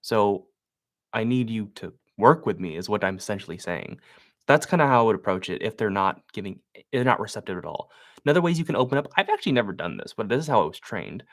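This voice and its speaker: A man's voice: on the low side, expressive, fast talker. A man who invests in real estate, coaching on a live stream while making cold calls, talking loosely with plenty of filler words. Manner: loose and conversational, many "like" fillers.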